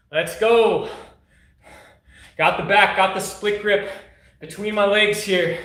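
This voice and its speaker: A man's voice: high-pitched, fairly even intonation, slow pace, pauses often, bright, forceful tone, echoey room. A man streaming a casual live workout, mixing hyped, joking, profane chatter with soothing exercise cues. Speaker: fitness streamer.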